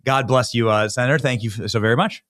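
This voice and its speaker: Male host, chatty, laughs often, mid pitch, dry sound. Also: fast talker, fairly bright tone, dry recording. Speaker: show host. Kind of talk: casual interview talk.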